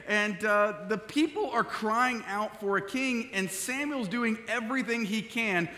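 A man with a high, bright voice preaches a sermon in a church sanctuary. He talks to the congregation in an easy, conversational way and then pushes into loud, emphatic delivery. His words ring out with long reverb. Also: unhurried. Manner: prays softly, then preaches with rising force. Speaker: pastor.

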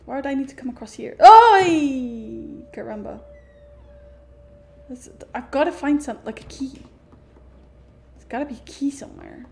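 A woman's voice: sits high, normal speed, creaky, long pauses, warm tone. A woman streaming a horror game, reacting with sudden exclamations and chatting to the characters and viewers. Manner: jumpy, exclamatory, talks to the game. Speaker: gaming streamer. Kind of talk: let's play commentary.

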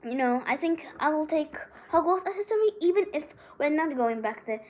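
A woman's voice: sits high, lively intonation, moderate pace, a little mellow, a little hiss or hum, voice pushed up, poor audio. A woman voicing an anxious, bookish teenage witch who talks earnestly and stammers. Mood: determined.

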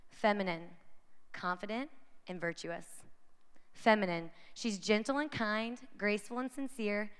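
At a conference in a large hall with long reverb, a woman gives an inspirational talk to young women, chatty and constantly checking in with the crowd with frequent "right?". Her mid-range voice is clean and a bit bright.

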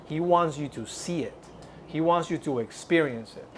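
A man's voice: fairly high pitch, moderate pace, a little hiss or hum. A man telling a personal testimony at a church service, reenacting the dialogue and urging listeners on earnestly. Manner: earnest, exhorting. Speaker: church speaker giving a testimony.

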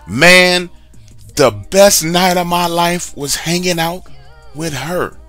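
A man's voice: fairly high pitch, slow pace, faint music behind. A man casually telling a personal story, chatty and slangy, with asides to the listener. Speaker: storyteller sharing a true story.

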